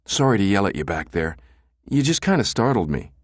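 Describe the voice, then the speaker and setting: A man's voice: lowish voice, big pitch swings, fairly quick, no echo, studio quality. A man voicing a teenage girl who pleads in a wheedling way. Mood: pleading.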